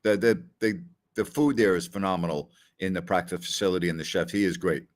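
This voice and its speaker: Low-voiced man answering fan questions. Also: a little fast. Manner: conversational storyteller, frequent "you know" and "I mean". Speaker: podcast host. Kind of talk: casual live Q&A, answering viewer questions.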